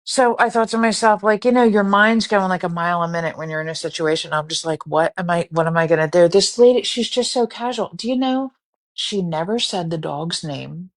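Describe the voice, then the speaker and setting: A woman telling a story casually on a live stream, animated and profane. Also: medium pitch, brisk. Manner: animated, profane, breaks into screaming reenactments.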